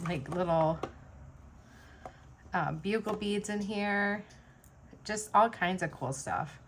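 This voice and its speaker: A woman's voice: lowish voice, slight background noise. A woman vlogger chatting casually and rambling with many fillers while she makes beaded jewelry at home. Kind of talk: casual chat while beading.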